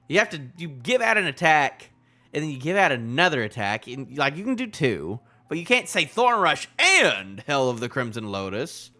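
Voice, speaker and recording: A man live-streaming a manga reaction, excitable, repeating himself and drifting into tangents. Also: medium pitch.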